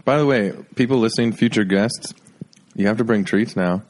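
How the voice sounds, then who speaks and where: A man's voice: lowish voice, a little mellow. Joking man hosting a chat show. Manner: joking, quick banter. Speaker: podcast host. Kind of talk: casual chat.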